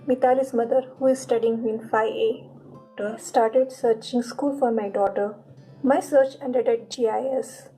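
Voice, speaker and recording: A woman speaking as a parent, giving an earnest, slightly halting prepared testimonial. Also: on the high side, dark tone, poor audio.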